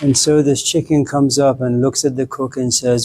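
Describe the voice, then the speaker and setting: Guy lecturing, dry deadpan jokes, mid pitch, bit of background hum. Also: moderate pace, low-quality recording. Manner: wry, deadpan humor. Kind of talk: storytelling lecture.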